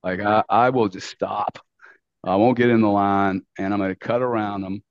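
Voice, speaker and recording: A brash middle-aged man with a fairly low voice tells his stories bluntly, with slang and the odd swear word. The sound is dull and lo-fi, recorded close and dry with no room echo. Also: steady tone, normal speed, clean tone. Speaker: podcast guest. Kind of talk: casual storytelling interview.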